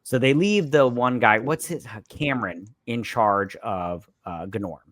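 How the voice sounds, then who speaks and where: A man's voice: mid-range voice, measured pace, a bit bright, no echo. A man in the middle of his range retells a movie plot over drinks, rambling and slipping into "he's like" to act out each character. He sounds a little tipsy. The recording is dry and close. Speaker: podcast co-host. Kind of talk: casual movie recap.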